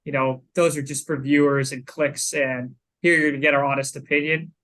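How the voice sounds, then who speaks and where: Bright-voiced man chatting about sports. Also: mid-range voice, level tone, a little fast, low-quality recording. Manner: chatty, lots of "you know" fillers. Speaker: podcast co-host. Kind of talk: casual sports podcast talk.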